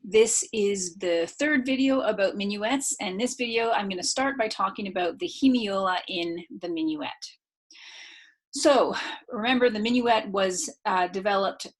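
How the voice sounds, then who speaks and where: A woman teaching a music theory class in a recorded video lecture, her voice sitting at an ordinary middle pitch. She explains things in a relaxed, conversational way, with a few fillers, and now and then she sings out the rhythms. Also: measured pace.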